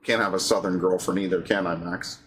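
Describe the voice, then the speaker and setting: A man's voice: low voice, steady tone, a little fast, a bit bright, slight background noise, rough recording. A young man hosting a game stream, chatting casually with crude, profanity-laced rants and banter. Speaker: streamer host.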